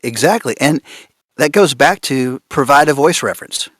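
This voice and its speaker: A man speaking on a conference panel about voice direction, amused and animated, laughing often. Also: mid-range voice, moderate pace, no echo, studio quality. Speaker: panelist on voice acting.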